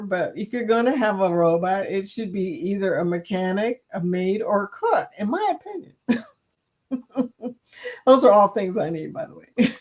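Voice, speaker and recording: Woman host chatting loosely with her live-stream viewers, teasing and laughing often. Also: medium pitch. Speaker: livestream host. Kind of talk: casual chat reading viewer comments.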